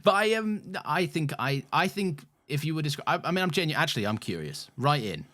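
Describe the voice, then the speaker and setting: Podcast co-host, man, animated pitch, playful and teasing, laughs a lot. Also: fairly quick. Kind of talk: casual chat.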